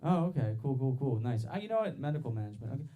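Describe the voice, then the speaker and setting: A young man doing a stand-up comedy set on a club stage, loud and laughing as he works the crowd. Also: medium pitch, big pitch swings, rapid-fire.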